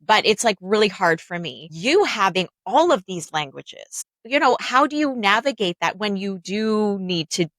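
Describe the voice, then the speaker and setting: A woman's voice: medium pitch, expressive, moderate pace, hardly any pauses, a bit bright, no room sound. A woman co-hosting a podcast and asking a guest about her career. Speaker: podcast co-host. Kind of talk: podcast interview.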